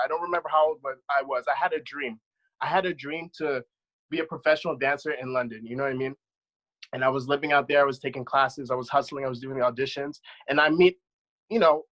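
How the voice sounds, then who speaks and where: A man's voice: a little high, a bit bright, lo-fi sound. A man in his thirties, a dance choreographer, giving an earnest, impassioned account as a panelist over a video call. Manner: earnest, impassioned, speaks from the heart.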